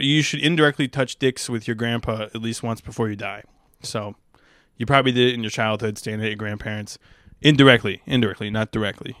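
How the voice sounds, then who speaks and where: A man's voice: lowish voice, a bit bright, clean tone, dry recording, studio quality. A young man, a stand-up comedian, talking in a casual, rambling monologue with a crude, profane and wry manner.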